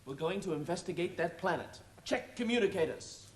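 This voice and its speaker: A man's voice: high voice, expressive, brisk, heavy background noise. A man performing a blustering starship captain in a stage comedy sketch, barking orders. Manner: blustering, exclaiming, commanding. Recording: echoey studio, loud audience laughter.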